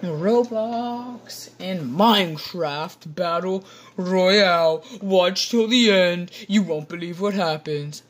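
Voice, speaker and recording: A woman putting on a drawn-out clickbait trailer announcer voice. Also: on the low side. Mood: hyped. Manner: slow, drawn-out announcer delivery.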